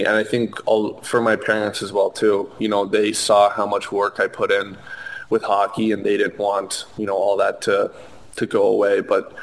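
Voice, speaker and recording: Young male interview guest, low and even delivery, earnest, lots of "um" and restarts. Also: gravelly, slight background noise. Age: young adult. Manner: earnest, many fillers and restarts. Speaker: interview guest, hockey player. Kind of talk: conversational interview.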